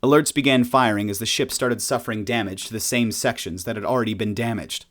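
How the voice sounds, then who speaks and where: A man narrating a science fiction audiobook in a steady, plain storytelling manner. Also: lowish voice, fairly quick.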